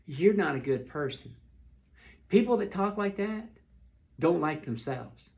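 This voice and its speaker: A man speaks earnestly to his viewers in a pleading, heartfelt monologue, stumbling and repeating words as he goes. His voice sits a little high and has a gravelly edge. The recording sounds dull and lo-fi. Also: expressive, measured pace. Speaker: vlogger. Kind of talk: earnest direct-to-camera monologue.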